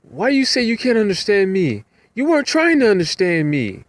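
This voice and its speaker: A man voicing an angry, bossy old woman passenger who scolds in a shrill, accusing way. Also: wildly swooping pitch, normal speed, no echo. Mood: indignant. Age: older.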